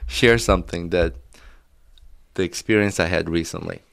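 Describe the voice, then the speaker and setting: A man's voice: sits low, moderate pace, vocal fry, fairly bright tone, clear, resonant tone, no echo, clean studio sound. A man co-hosting a podcast, telling stories in casual chat, laughing through them and swearing freely. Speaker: podcast co-host.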